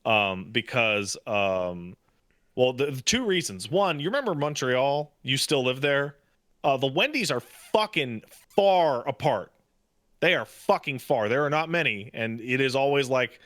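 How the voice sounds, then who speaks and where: A man's voice: medium pitch, unhurried, no echo, studio quality. A man in his thirties, a podcast co-host, telling stories in casual chat with lots of "like". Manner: animated storyteller, lots of "like".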